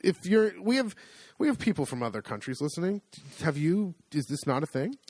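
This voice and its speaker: A man's voice: a little high, sing-song, brisk, darkish tone, no room sound. A man co-hosting a podcast, chatting casually with a wry, joking manner. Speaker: podcast co-host. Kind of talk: casual chat.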